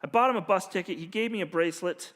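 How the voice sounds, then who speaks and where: A man preaching as a pastor, telling a personal story earnestly and dropping to a hushed voice when he quotes others. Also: high voice, quick pace. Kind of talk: storytelling sermon. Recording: long hall reverb.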